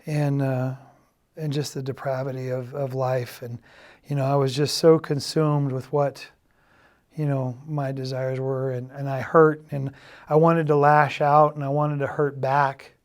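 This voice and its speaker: Earnest middle-aged man, halting testimony. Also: medium pitch, little pitch movement. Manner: earnest, halting, often drops to a quiet, subdued tone. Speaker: church member giving a personal testimony. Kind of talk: confessional testimony.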